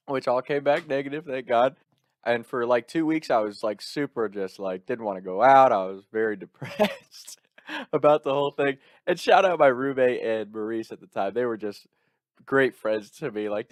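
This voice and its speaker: A young man tells a story about his own life in an animated, casual way, laughing as he goes and swearing freely. His voice sits in a middle register, and the recording is dry and close, with no room echo. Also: mid-range voice, moderate pace.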